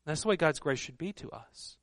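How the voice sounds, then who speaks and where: A man preaching a sermon in an earnest, emphatic way, often dropping to a hushed voice for stress. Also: fairly high pitch, animated, fairly quick, dry recording, clean studio sound. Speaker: pastor.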